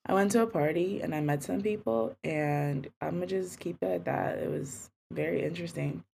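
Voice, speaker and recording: A woman's voice: lowish voice, moderate pace, creaky, warm tone, slight background noise. A young woman co-hosting a podcast in casual chat, her voice congested from a cold, joking and slangy. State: congested, sick voice. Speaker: podcast co-host.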